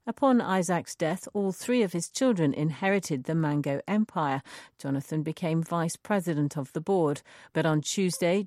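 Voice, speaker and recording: A woman reporter reading a scripted news report in a measured delivery. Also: on the low side, a little mellow, no echo, studio quality.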